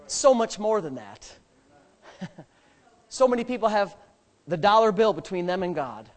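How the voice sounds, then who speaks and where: A male pastor preaching a sermon in a church sanctuary, emphatic, swinging between loud bursts and low asides, with joking asides. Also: big pitch swings, normal speed.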